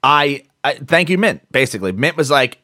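Lively casual man telling a story on a podcast. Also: medium pitch, normal speed, no echo, studio quality. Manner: animated storytelling with acted-out quotes and swearing. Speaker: podcast co-host.

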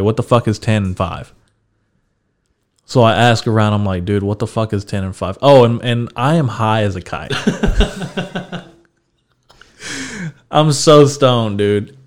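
A young man with a fairly low voice tells a story on a podcast. His delivery is loose and unhurried, with plenty of swearing and laughter running through it. He comes across as a casual, chatty host. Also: smooth. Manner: laid-back, swears freely, laughs through his stories.

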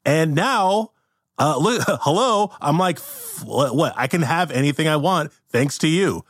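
A man's voice: a little high, expressive, unhurried, fairly bright tone, no room sound, pitched above the performer's own voice. A man playing a smug, gloating billionaire villain in an improvised comedy scene. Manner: gloating, mocking. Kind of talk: improvised comedy role-play.

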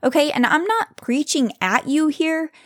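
A woman hosting a faith podcast, speaking earnestly and reassuringly, slowing down to stress scripture. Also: high voice, lively intonation, no echo, studio quality. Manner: earnest, reassuring, reads scripture slowly with emphasis. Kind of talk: devotional encouragement talk.

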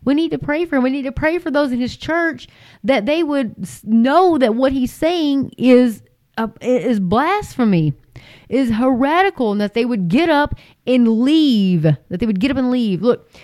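A woman delivers fervent religious commentary, pressing her points again and again with plenty of fillers. Her voice sits on the higher side, and the recording is dry with no room sound. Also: lively intonation, normal speed, darkish tone, dry recording. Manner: emphatic, repetitive, with frequent fillers. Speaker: Christian commentator.

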